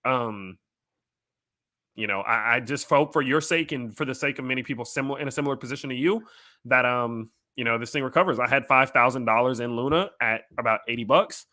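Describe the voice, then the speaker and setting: A man from Louisiana, USA, with a light local accent, hosts a casual crypto livestream, reading chat questions aloud and answering loosely with lots of "um" and "you know" while talking straight to viewers. His mid-range voice is pushed and bright, and he speaks fairly quickly.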